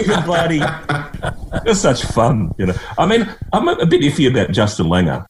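A man's voice: mid-range voice, wildly swooping pitch, brisk. A middle-aged Australian man from Queensland, a guest telling rambling, chuckling anecdotes and mimicking people in a casual interview.

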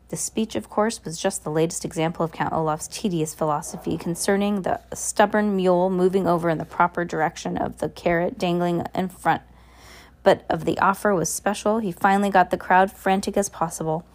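A woman's voice: lowish voice, fairly even intonation, brisk. A woman reading a novel aloud, now and then stumbling and correcting herself.

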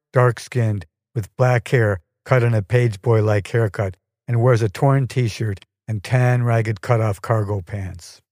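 A man narrating a scripted personal story for his podcast, measured and dryly wry. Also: medium pitch, a little mellow, dry recording, clean studio sound.

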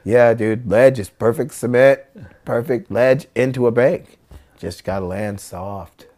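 A man with a warm, medium-pitched voice tells skateboarding stories at a measured pace in casual conversation. He acts out his friends' lines and swears freely along the way.

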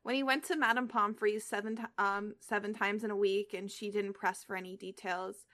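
Bright-voiced young woman reading aloud. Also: mid-range voice, fairly even intonation, brisk. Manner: reads aloud with slips and restarts, breaks off into chat full of "like". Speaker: podcast co-host reading fan fiction aloud. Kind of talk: casual reading and chat.

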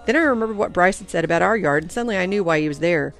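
A woman reading first-person audiobook narration in an earnest, expressive way. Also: on the low side, rapid-fire, soft background music.

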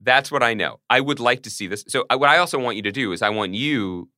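A man's voice: medium pitch, fast, dry recording, studio quality. A man co-hosting a podcast, telling wry stories in a casual chat. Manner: wry, animated storytelling. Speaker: podcast co-host.

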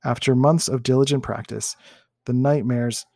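A man reading a book passage aloud in a measured way, sometimes restarting words and adding comments of his own. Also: medium pitch, fairly even intonation, creaky, darkish tone, dry recording, studio quality. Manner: measured, with occasional restarts and self-corrections.

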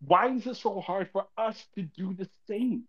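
New guy venting about his team on a pod, high-ish voice, cussing a lot, muffled lo-fi sound. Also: normal speed, a bit bright. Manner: frustrated, profane, rambling. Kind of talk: casual podcast rant.

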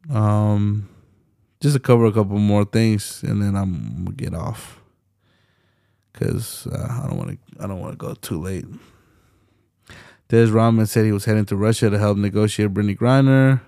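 A man's voice: lowish voice, dark tone, dry recording, clean studio sound. A young man hosting a solo podcast late at night, ranting bluntly with heavy profanity and slang. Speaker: podcast host.

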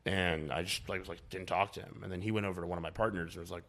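A man's voice: sits low, steady tone, rapid-fire, a bit bright. A young man chatting casually as a podcast guest, rambling and blunt, with lots of filler words and swearing. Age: young adult.

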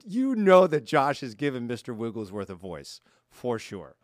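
A man's voice: mid-range voice, sing-song, normal speed. A young man co-hosting a podcast in a studio, chatting casually and upbeat as he reads fan mail aloud. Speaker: podcast co-host.

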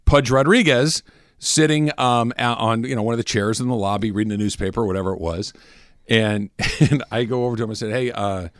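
A man hosting a sports radio show, telling stories in a casual, animated way and laughing often. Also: medium pitch, a little fast, no room sound, clean studio sound.

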